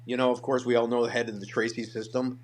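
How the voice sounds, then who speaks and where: A man's voice: mid-range voice, fast talker. An older man, a martial arts guest, telling stories in a casual interview, acting out what others said and often repeating words. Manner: animated storyteller, acts out quotes, repeats words.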